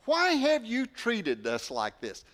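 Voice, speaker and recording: A man's voice: extremely high pitch, wildly swooping pitch, takes it slowly, fairly bright tone, pitched above the performer's own voice, full character voice. A man voicing an anxious mother who scolds her lost son, pleading and full of emotion. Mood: distressed.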